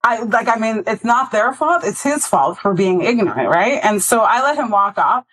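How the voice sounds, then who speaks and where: A woman's voice: fairly high pitch, normal speed, low-quality recording. A woman hosting a podcast, telling stories in casual chat and acting out the quoted voices. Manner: animated storyteller acting out quotes. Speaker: podcast host.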